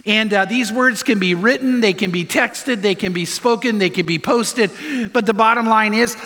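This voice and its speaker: A male pastor preaches in a high, bright voice. His delivery is animated and full of fillers and restarts. The sound rings with the long reverb of a large hall. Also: normal speed. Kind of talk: sermon. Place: church sanctuary.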